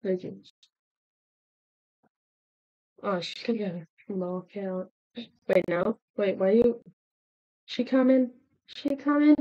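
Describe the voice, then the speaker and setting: A woman giving casual let's-play commentary, excitable and talking aloud to the animals in her game. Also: mid-range voice, slow, highs cut off. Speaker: gameplay streamer.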